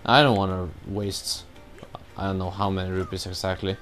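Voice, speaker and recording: A man's voice: low voice, little pitch movement, moderate pace, a bit bright, soft background music. A man giving casual, rambling commentary while he plays a video game, cursing now and then at his own mistakes. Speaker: let's play gamer.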